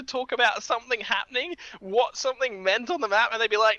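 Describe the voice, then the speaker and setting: A man casting an esports match, talking fast and animated about team fights and shouting at big plays. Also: very high voice, no room sound, highs cut off. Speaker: esports caster. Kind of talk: excited esports commentary.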